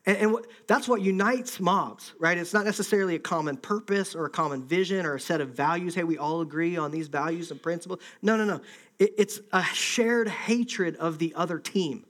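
A pastor gives a conversational sermon, voicing the shouts of an angry crowd as he goes. He speaks at normal speed in a fairly bright voice that sits high.

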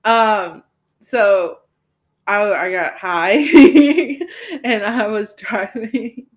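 A woman's voice: mid-range voice, drawn-out words. A woman podcast co-host, telling rambling stories in casual chat and giggling often.

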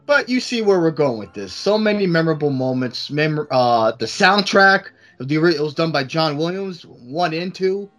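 A man with a fairly high, very lively voice talks casually on a podcast, his pitch swinging a lot. He often trails off and restarts as he hunts for words. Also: moderate pace, hardly any pauses, soft background music. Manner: animated, trailing off and restarting when unsure. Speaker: podcast co-host. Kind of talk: casual chat.

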